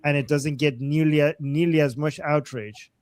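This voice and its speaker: A man co-hosting a live news stream, giving animated, opinionated commentary and teasing his co-host. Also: fairly high pitch, moderate pace, dry recording.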